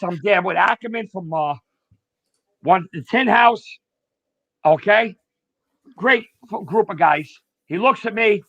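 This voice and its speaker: This high-pitched man is middle-aged and a retired firefighter, appearing as a podcast guest. He spins casual stories bluntly, animatedly and with plenty of profanity. There's no echo, and the lo-fi audio comes across dull and dry.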